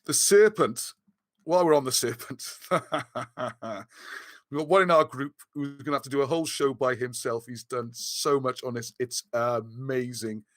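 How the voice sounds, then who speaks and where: A man talks casually on a livestream, rambling and excitable, often stopping to restart his sentences. His voice is mid-pitched and a little strained, as if it is giving out. The sound is dry and close, with no room around it. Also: unhurried, dry recording. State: losing his voice. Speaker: host of a live video chat.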